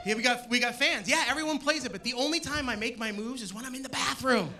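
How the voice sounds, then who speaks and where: A man doing a stand-up comedy set on stage, animated and shouting his punchlines. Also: very high voice, fast talker. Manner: animated, loud punchlines to a laughing crowd. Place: comedy stage before a live audience. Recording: live show with loud crowd laughter.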